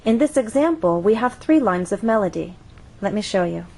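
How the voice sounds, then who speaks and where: A woman teaching an English pronunciation lesson, speaking clearly and deliberately. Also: mid-range voice, expressive, a little mellow, poor audio. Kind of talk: scripted lesson narration.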